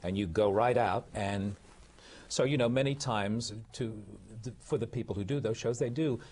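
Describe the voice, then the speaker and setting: A man's voice: lowish voice, normal speed. An older man, a guest actor in a studio interview, telling backstage anecdotes and acting out what others said. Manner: animated anecdote teller who acts out quotes.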